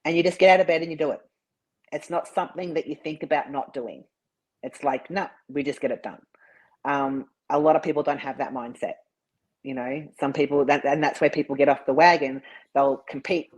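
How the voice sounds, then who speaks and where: A man's voice: fairly high pitch, steady tone, a little fast, husky, poor audio. A man, a bodybuilder, talking as an interview guest. He tells his story earnestly and sometimes repeats words.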